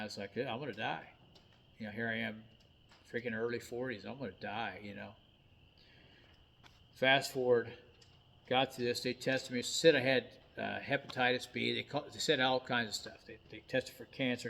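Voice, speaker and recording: Gravelly-voiced man telling a blunt story. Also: mid-range voice, fairly even intonation, fairly quick, sharp tone, slight background noise. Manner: blunt, folksy, mild cursing. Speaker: truck driver. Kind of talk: casual personal storytelling.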